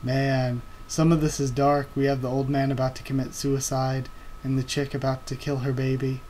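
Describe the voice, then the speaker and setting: Young man, reaction video host, casual, enthusiastic, filler words, mid pitch, faint background noise. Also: flat delivery, normal speed, a little mellow. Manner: chatty and enthusiastic, with frequent fillers. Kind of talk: casual live reaction commentary.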